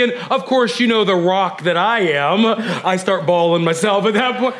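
Animated high-voiced male preacher. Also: moderate pace, few pauses. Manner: conversational and animated, swinging from hushed to loud. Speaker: pastor. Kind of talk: sermon.

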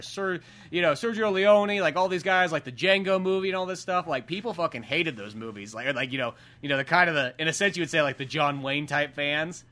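A man co-hosting a casual movie talk, speaking in quick bursts full of "like" and fillers. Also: a little high, animated, bright, forceful tone. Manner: fast, filler-heavy, full of "like".

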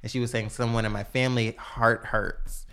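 Young man, from New York, casual chat, smooth resonant voice, animated storyteller, filler-heavy. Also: medium pitch, moderate pace. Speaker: guest.

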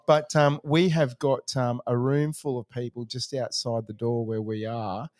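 A man's voice: medium pitch, level tone, a little slow, a little mellow, dry recording. A man hosting a live podcast, teasing his co-host and laughing a lot. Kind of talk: casual live podcast banter. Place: small side room at a political event.

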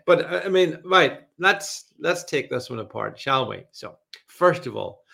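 Podcast host, male, gravelly fry in the voice, dry mocking commentary. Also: medium pitch, fairly bright tone. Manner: sarcastic, mocking, chuckling.

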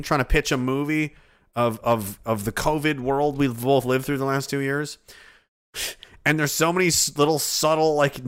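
A man hosting a livestream, reading chat messages aloud and ranting in a loud, mocking, heavily profane way with frequent laughs. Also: on the high side, clear, resonant tone. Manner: loud, mocking, swears constantly, laughs often. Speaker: streamer host reading chat.

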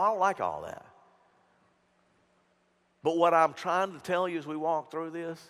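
A male pastor preaching a sermon in a folksy, emphatic style, talking straight to his congregation. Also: fairly bright tone. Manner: folksy, emphatic preaching with big swings in pitch and volume. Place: church sanctuary. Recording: long hall reverb.

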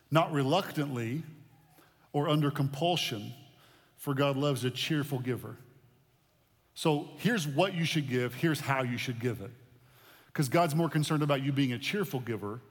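A male pastor delivering a sermon in a conversational way, repeating himself and restarting phrases. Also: medium pitch. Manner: conversational preaching with repetitions and restarts. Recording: long reverb of a large hall.

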